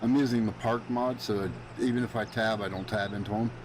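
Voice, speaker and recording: A man's voice: lowish voice, fairly even intonation, brisk, noisy background. A drowsy man streaming a game, thinking aloud in rambling, informal commentary. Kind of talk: live-streamed gameplay commentary.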